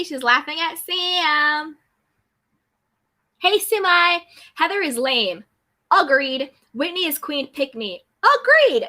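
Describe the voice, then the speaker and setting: Bright, chatty woman. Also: a little high. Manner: chatty, animated, reads viewer comments aloud and answers them. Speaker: YouTube recap host reading live chat. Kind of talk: casual chat.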